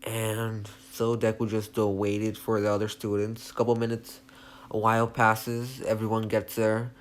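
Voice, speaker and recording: A man's voice: on the low side, monotone, normal speed, a little hiss or hum. A young man casually retelling a fan story, rambling and hesitant with many restarts.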